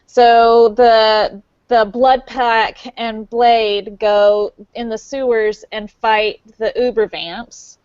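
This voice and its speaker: Woman podcast co-host, slightly high voice, unhurried rambling recap, lo-fi audio. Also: level tone, darkish tone, clear, resonant tone, no room sound. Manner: rambling plot summary with many fillers. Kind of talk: casual movie recap chat.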